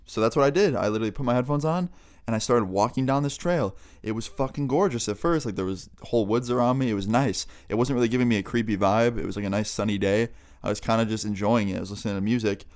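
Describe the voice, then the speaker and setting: A man's voice: fairly low pitch, a little mellow. A young man, a vlogger, telling a casual story time, chatty and profane. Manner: rapid, profane, chatty retelling.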